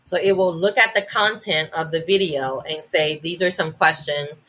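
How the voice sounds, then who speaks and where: A woman's voice: low-pitched, normal speed, fairly bright tone. A woman educator as a podcast guest, talking enthusiastically in a casual, rambling way with many restarts and "like" fillers.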